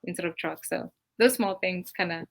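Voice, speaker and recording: This young Kenyan guest talks casually in an interview at normal speed, her fairly low voice marked by vocal fry. Her accent is Kenyan with hints of British, Southern US, and Seattle, and she laughs often and acts out quoted voices.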